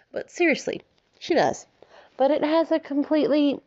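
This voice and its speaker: A woman's voice: sits high, a little slow, pauses often, a little mellow. Giggly woman with a Southern twang. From Alabama, United States. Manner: giggly, swears freely, self-mocking. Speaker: podcast host. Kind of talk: casual monologue. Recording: slightly dull lo-fi recording.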